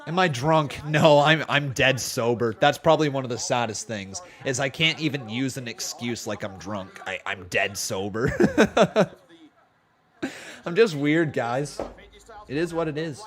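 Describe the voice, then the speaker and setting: Excitable, jokey male streamer. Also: mid-range voice, a little slow. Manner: excitable, jokey, self-mocking. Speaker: wrestling watch-along streamer. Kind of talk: live-stream reaction commentary.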